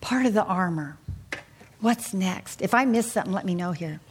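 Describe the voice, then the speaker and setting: A woman's voice: mid-range voice, expressive, normal speed, slightly rough. A middle-aged woman teaching the Bible to a small group in an earnest, confiding way, often asking her listeners questions.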